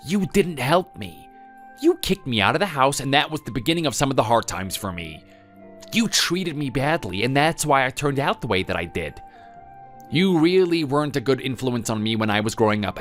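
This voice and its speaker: A man's voice: medium pitch, a bit bright. A man voicing a resentful grown son who bitterly blames his mother. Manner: bitter, defensive.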